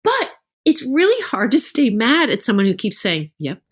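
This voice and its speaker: A middle-aged woman talking casually as a guest author on a podcast, telling animated stories and acting out the lines of other people. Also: a little high, normal speed, breathy edge. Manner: animated storytelling, acts out quoted dialogue.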